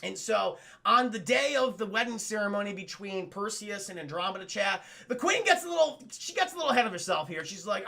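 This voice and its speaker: A man's voice: high voice, animated, brisk, creaky, few pauses, sharp tone. A man streaming live, casually recapping a film scene by scene, swearing freely and rambling to his chat. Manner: profane, rambling, talks to chat.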